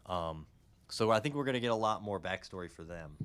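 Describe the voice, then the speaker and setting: This is a young man co-hosting a podcast, rambling along in casual chat. His voice sits a little low. He sounds enthusiastic and curses offhandedly. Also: expressive, fairly quick, a bit bright, clean tone. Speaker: podcast co-host.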